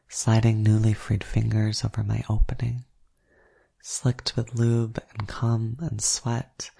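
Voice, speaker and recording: A narrator reading a first-person erotic story aloud in a slow, hushed manner that often drops to a whisper. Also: mid-range voice, gravelly, husky.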